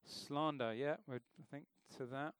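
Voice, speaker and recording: A man's voice: medium pitch, steady tone, unhurried, clear, resonant tone, no echo. Guy preaching in church, chatty, keeps asking the crowd stuff, dry close sound. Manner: conversational, asks the congregation questions. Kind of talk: informal sermon.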